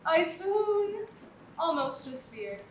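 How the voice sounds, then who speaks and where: A woman's voice: very high voice, sing-song, slow, exaggerated voice. A woman playing a young woman in love, declaiming verse with strong emotion in a stage play. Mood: frightened. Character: young woman in love, frightened and lost in the woods. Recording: distant echoey stage, faint noise.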